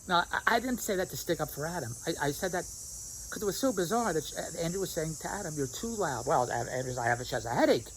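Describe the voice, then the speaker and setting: This outdoor restaurant vlog features a man with a slightly high voice and lively intonation who races through a rambling monologue, repeating himself and chuckling at what he says. Insects and crickets chirp in the background, with slight noise and poor audio quality.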